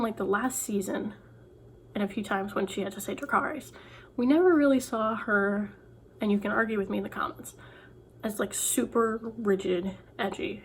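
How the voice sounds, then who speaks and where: A woman's voice: medium pitch, a little hiss or hum. A young woman author chatting casually to camera, rambling with many "like"s and restarts. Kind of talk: casual vlog chat.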